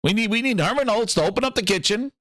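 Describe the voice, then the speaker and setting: A man's voice: sits high, fast, no echo, clean studio sound. A man hosting a gaming show, joking and exclaiming in a comedic livestream chat. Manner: animated, joking, exclaiming, laughing often.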